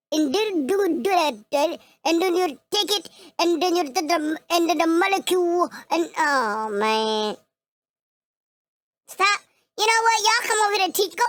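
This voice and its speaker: A brash young woman with an African American English accent rants to camera, swearing freely and hammering her points home. Her voice sits very high and sounds bright and sharp. The recording is close and dry, with no room sound. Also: no room sound. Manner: blunt, swearing, emphatic. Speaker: reaction video host. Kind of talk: profane reaction rant.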